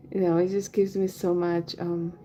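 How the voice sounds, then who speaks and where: A woman chatting casually during a henna livestream, relaxed and chatty, trailing off as she concentrates and laughing often. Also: on the low side, a little slow, slight background noise, rough recording. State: has the hiccups. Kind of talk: casual chat while working.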